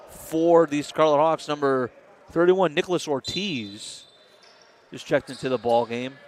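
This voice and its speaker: A man calling live basketball play-by-play, quick and excitable, rising on big plays. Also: mid-range voice. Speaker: play-by-play announcer. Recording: noisy gym broadcast.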